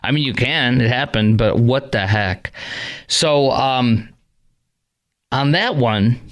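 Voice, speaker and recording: A man's voice: mid-range voice, takes it slowly. A man hosting a radio talk show, rambling with many fillers and sounding indignant.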